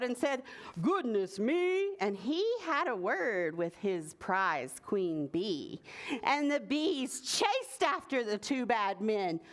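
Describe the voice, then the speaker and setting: A woman librarian reading a picture book aloud to preschoolers in a library, asking them questions. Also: mid-range voice. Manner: animated, asks children questions. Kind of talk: preschool story time reading. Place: library story room.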